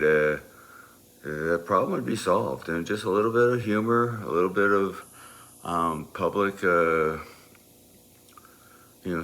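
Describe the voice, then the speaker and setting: A man telling a personal story in a loose, animated way, moving from quiet asides to loud, emphatic bursts. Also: deep voice. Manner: loose, with many fillers and restarts.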